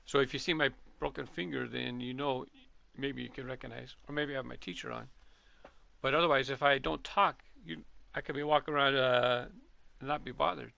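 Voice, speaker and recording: Middle-aged man from Southern California, a gaming host with a gravelly, sharp-edged voice and chatty, self-correcting commentary. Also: mid-range voice, steady tone, a little fast, no room sound. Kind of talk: casual gameplay commentary.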